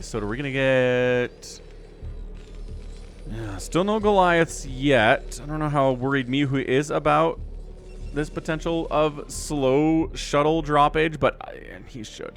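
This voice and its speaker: A man giving casual esports commentary as caster, chatty and rambling, getting excitable at the action. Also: mid-range voice, unhurried, soft background music. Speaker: game caster.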